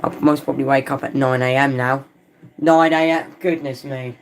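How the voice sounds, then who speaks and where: A man hosting a live football watchalong, chatting casually with viewers and reacting loudly to chances on the pitch. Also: normal speed, a little hiss or hum. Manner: excitable, swings between chatty musing and loud outbursts at near misses; casual slangy talk, calls players and viewers lad and mate.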